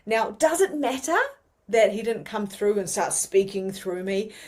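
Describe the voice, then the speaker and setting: A woman with a New Zealand accent teaching mediumship in a chatty, animated way, with many fillers. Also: mid-range voice, a little slow. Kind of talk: casual teaching monologue.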